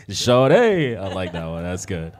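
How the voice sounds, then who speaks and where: A man's voice: low voice, very animated, slow pace. A man hosting a live event, chatting casually and laughing between acts. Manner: laid-back, laughing, chatty. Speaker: event host. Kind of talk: casual banter.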